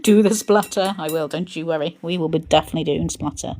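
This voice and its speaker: A woman hosting a live painting stream, chatting playfully to herself as she works and sometimes dropping to a soft mutter. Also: low-pitched, fast talker. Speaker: art channel host.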